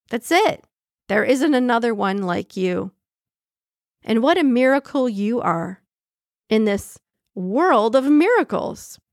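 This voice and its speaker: Reading brief passages aloud, this podcast host then riffs on them in a relaxed, chatty way, full of lively asides and easy laughs. Her voice sits slightly above average in pitch, captured in a close, dry recording with no room sound.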